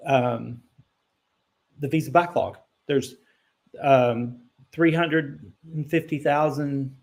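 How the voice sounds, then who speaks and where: A man's voice: mid-range voice, creaky, darkish tone. A man hosting a live immigration Q&A, answering viewer questions in a conversational way, thinking aloud with ums and self-corrections, and turning blunt when he corrects misconceptions.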